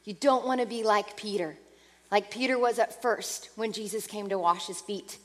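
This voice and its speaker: A woman preaching a sermon earnestly, moving between lively passages and soft, hushed ones. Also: medium pitch, moderate pace, long reverb tail.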